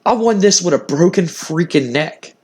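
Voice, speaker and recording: An earnest male wrestling champion offers a rival his respect, repeating himself as he reassures, voiced by a man recapping a game. The voice sits fairly high, with a casual, unpolished delivery. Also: animated, moderate pace, a little mellow.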